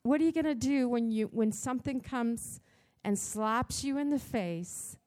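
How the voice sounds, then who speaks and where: A woman tells a personal story in a devotional church talk, slow and unhurried. Her voice sits a little high, and she tells it dramatically, with sudden leaps up in pitch and volume. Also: darkish tone. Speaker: church speaker.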